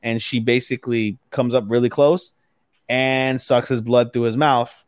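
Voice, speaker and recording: A man's voice: mid-range voice, level tone, measured pace, smooth, dry recording. A young man co-hosting a podcast in casual chat, retelling anime scenes and repeating himself for emphasis. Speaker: podcast co-host.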